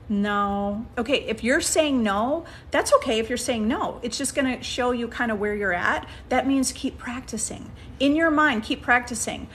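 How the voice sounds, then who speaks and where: A woman's voice: on the high side, measured pace, a bit bright, a little hiss or hum. A woman giving a casual coaching talk as a manifestation coach, coaxing her listeners and checking in with frequent "okay?" and "right?". She often restarts sentences while thinking aloud.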